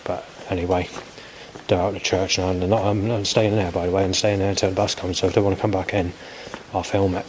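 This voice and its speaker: A man's voice: deep voice, little pitch movement, fast talker. Rambling, swearing man in his forties. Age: 40s. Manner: rambling, hesitant, swears often, many fillers. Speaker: vlogger. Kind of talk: rambling spoken video diary. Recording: faint background noise.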